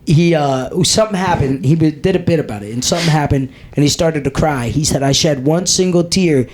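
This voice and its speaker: A man's voice: fairly high pitch, quick pace, a little mellow. Blunt, profane young man chatting. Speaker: podcast co-host. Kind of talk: casual chat.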